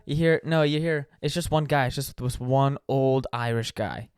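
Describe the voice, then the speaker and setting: Smooth-voiced man telling a rambling story. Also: medium pitch, moderate pace, darkish tone, dry recording, clean studio sound. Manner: rambling, with many fillers and restarts. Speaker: podcast co-host. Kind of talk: casual storytelling chat.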